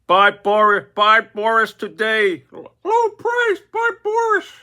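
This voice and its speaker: A man's voice: high voice, very animated, takes it slowly, sharp tone, pitched above the performer's own voice, heavily acted. A man voicing a cheeky male parrot in a pet shop, squawking in clipped, broken phrases.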